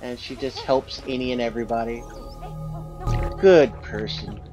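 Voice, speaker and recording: A man's voice: mid-range voice, fairly even intonation, normal speed. A man doing let's play commentary, reading game text aloud and musing with fillers. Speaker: gamer. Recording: dull lo-fi audio with game music.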